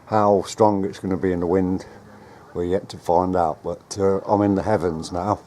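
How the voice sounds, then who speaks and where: Speaking in a low, steady, mellow voice at a moderate pace, a radio hobbyist vlogger talks casually to his handheld camera outdoors at home. He rambles and self-corrects while on ladders and in the garden. There's a little hiss or hum from the camera mic.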